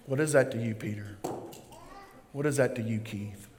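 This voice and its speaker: A man preaching a sermon as pastor, slow and emphatic, building in intensity. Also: mid-range voice, a little mellow. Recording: long reverb of a large hall.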